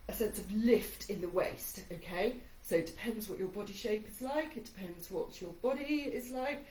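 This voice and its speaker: A woman's voice: medium pitch, darkish tone, distant mic. Woman coaching a mat workout, echoey. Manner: encouraging cues paced to breathing, slightly breathless. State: shaky voice from exertion. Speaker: fitness instructor. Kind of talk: guided workout instruction.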